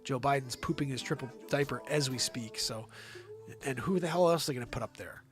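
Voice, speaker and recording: A man's voice: mid-range voice, brisk, music in the background. A man hosting his own online show, ranting about politics in a heated, profane and sarcastic way.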